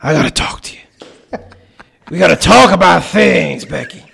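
A raspy, gravelly movie-gangster tough guy, put on by a man for laughs, leaning in with a husky, half-whispered plea. The voice is bright and tense at the top. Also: high voice, full character voice. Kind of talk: comic impression.

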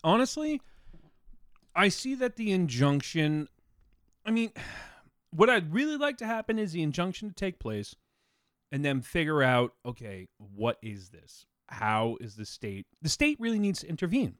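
A man's voice: a little high, big pitch swings, a little slow, fairly bright tone, dry recording, studio quality. A man co-hosting a podcast, chatting casually and swearing now and then. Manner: conversational, swears casually, talks while eating. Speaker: podcast co-host. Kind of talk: casual chat. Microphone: close podcast mic.

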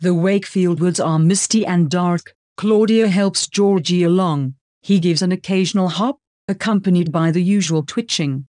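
An audiobook narrator reading prose in an even, measured way. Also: medium pitch, no echo, clean studio sound.

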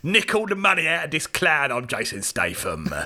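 A man doing a gruff, swaggering impression of an action-movie tough guy. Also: fairly high pitch, very animated, moderate pace, bright, forceful tone, heavily acted.

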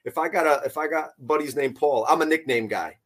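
A man's voice: on the high side, brisk, fairly bright tone. Easygoing Northeastern man telling stories. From Connecticut or New York area. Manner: easygoing storyteller, quotes himself in dialogue. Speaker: podcast guest. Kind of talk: casual storytelling.

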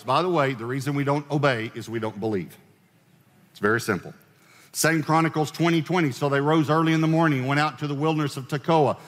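A man's voice: a little high, a bit bright, long reverb tail. A male pastor preaching a sermon in a conversational way, asking his congregation questions as he goes.

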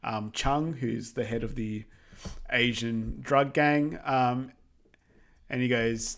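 A man's voice: medium pitch, fairly even intonation, slow, a bit bright. Rambling man recapping a movie. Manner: rambling, filler-heavy retelling with quoted lines. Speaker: podcast co-host. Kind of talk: casual movie recap chat.

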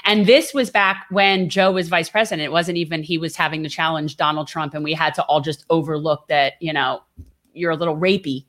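An outspoken woman co-hosting a casual political talk show. She talks with animated emphasis and pushes hard on the words she cares about. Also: sits low, brisk, hardly any pauses. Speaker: co-host.

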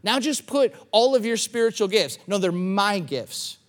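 A man's voice: sits high, sing-song, a little slow. A man preaching a sermon in a conversational way, repeating phrases and acting out quoted inner thoughts. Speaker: pastor.

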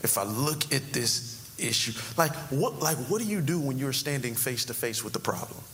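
Man, pastor, sermon, animated pitch swings, long church reverb, faint noise. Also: normal speed. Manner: conversational preaching with sudden emphatic rises.

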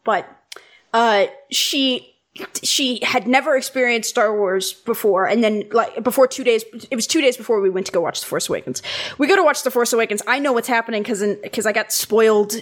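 A woman in casual fan chat, lively and laughing, her pitch rising on exclamations. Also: brisk.

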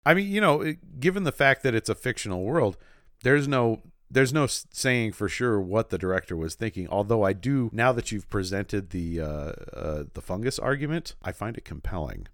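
A man with a fairly low voice that swings widely in pitch, joking in a wry, self-deprecating way. He trades casual banter about a movie with his co-host. The recording is close and dry. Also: animated, normal speed, dry recording. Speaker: podcast co-host.

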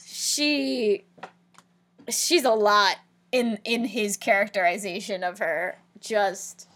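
A woman co-hosting a podcast, recapping a TV episode in casual chat, wry and full of quick asides. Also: medium pitch, a bit bright. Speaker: podcast co-host.

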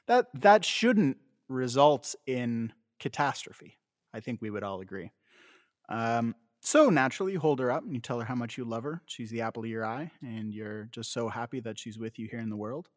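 A man's voice: mid-range voice, moderate pace, no room sound, clean studio sound. A man in casual podcast chat, telling playful anecdotes about being a new father. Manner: playful storytelling, animated. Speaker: podcast co-host.

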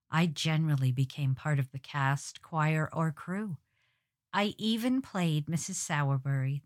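A woman's voice: sits low, dry recording, clean studio sound. A woman hosting her own podcast, telling funny stories in a wry, scripted way, with hard-sounding g's at word ends. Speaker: podcast host.

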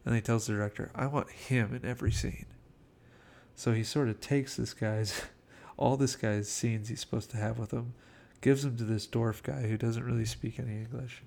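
A man's voice: medium pitch, fairly even intonation, moderate pace, creaky, few pauses, darkish tone. A man casually telling behind-the-scenes film anecdotes in a chatty way, acting out quotes. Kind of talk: casual storytelling commentary.

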